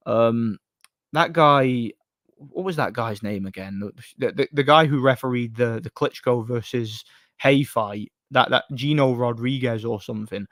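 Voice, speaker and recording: Speaking at a measured pace, this man has a mid-range, fairly bright voice captured in clean studio sound with no echo. He's running a live stream about boxing, reading chat aloud in a casual, blunt, opinionated way, often rambling and starting over.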